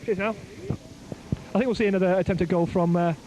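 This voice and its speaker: A man giving live play-by-play rugby commentary outdoors at a ground, excitable and joking, his voice climbing as the play builds. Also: high-pitched, normal speed. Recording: noisy outdoor amateur recording.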